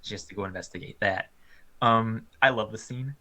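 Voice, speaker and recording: Here a man with a somewhat low voice co-hosts a relaxed film discussion at a moderate pace. He's spirited, leans heavily on "um" and "like," and often breaks into laughter while describing scenes.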